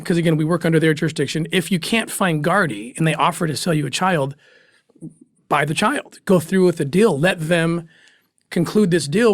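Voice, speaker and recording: A guest who used to be a special agent recalls his fieldwork days during an interview. His voice sits slightly above the typical male range, and he speaks with earnest emotion, stopping and beginning again. The recording is dry and close-miked, without any room around it.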